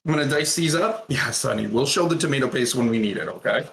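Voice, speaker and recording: A streamer cooks in a home kitchen while chatting casually, with a medium-pitched, gravelly, fairly bright voice that's animated and fast. The manner is sarcastic and rambling, with lots of fillers, and the roomy kitchen carries faint noise.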